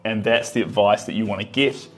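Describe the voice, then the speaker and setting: A man's voice: fairly low pitch, brisk. Easygoing New man painting live. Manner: relaxed, musing, murmurs to himself while painting. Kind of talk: live painting stream with chat replies.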